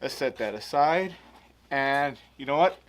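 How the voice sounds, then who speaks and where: A man's voice: mid-range voice, lively intonation, unhurried, a little hiss or hum. A man giving a casual, rambling food review while he eats. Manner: rambling, chatty while eating.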